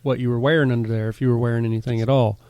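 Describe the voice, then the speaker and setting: A man's voice: medium pitch, little pitch movement, very fast, clean tone, no room sound, lo-fi sound. A male podcast co-host in casual chat, teasing a friend with exaggerated setups. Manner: teasing, exaggerating, rises loud when mocking.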